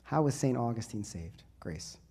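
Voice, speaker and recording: A man who is a priest, giving a sermon to a youth group in a church and building to loud, rising emphasis through repeated phrases. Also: medium pitch, animated, normal speed, husky.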